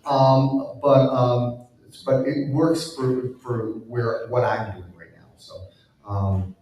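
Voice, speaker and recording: A man speaking on a live panel discussion, halting with many fillers and restarts. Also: mid-range voice, fairly even intonation, darkish tone. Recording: echoey room heard from far off.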